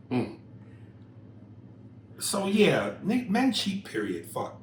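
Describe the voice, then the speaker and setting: A man co-hosting a casual podcast, reading listener emails and riffing on them in a profane, animated way that jumps loud and high when he makes a point. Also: slow, long pauses. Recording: roomy echo with faint noise.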